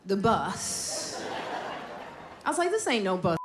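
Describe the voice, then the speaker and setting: A woman doing a stand-up set in a comedy club, telling stories brashly and animatedly with big jumps in pitch. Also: sing-song, slow pace. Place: comedy club stage with laughing audience. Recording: loud crowd laughter and noise.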